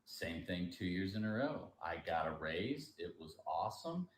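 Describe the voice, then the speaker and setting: A man's voice: sits low, moderate pace, echoey room. A man performing a profane stand-up comedy rant. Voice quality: profane, ranting and animated.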